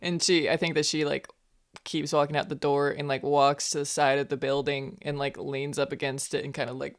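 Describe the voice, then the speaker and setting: A woman's voice: low voice, flat delivery, a little fast. A woman playing in a tabletop game, laid-back and thinking aloud about her character. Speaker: player. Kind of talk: tabletop role-play.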